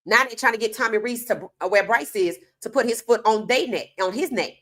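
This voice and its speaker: A woman's voice: fairly high pitch, fairly quick, a bit bright. Emphatic woman sports commentator. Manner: emphatic, rhetorical questions, addresses viewers directly; casual informal speech. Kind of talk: opinionated sports commentary monologue.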